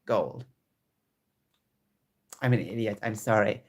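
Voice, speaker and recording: Chatty, excitable man vlogging at home. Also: lowish voice, slow. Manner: chatty and excitable, with many restarts. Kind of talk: casual chat to camera. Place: home room with squeaky chairs.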